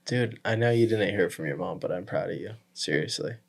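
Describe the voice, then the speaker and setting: A man's voice: fairly low pitch, brisk, vocal fry. A man hosting an interview and coaching talk, reflective and encouraging toward his guest. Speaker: podcast host and coach. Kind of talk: conversational interview.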